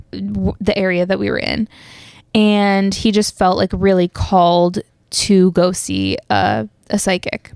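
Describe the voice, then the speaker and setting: A young woman hosts a podcast in a loose, rambling way, full of fillers and restarts. Her voice sits at an ordinary pitch. The sound is dry and close, with no room echo. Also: darkish tone, smooth. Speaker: podcast host. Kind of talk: casual solo chat.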